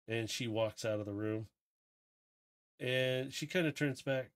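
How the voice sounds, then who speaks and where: Male game master, casual storyteller, relaxed descriptive narration. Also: medium pitch, a little slow, pauses often. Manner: relaxed, descriptive, loose phrasing.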